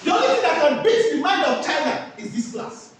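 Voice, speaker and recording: A woman delivers a classroom lecture, firing questions at the class and answering them herself in call-and-response style. Her high, lively voice swings widely in pitch at a fairly quick pace. She's heard from a distance in a very echoey room with faint background noise.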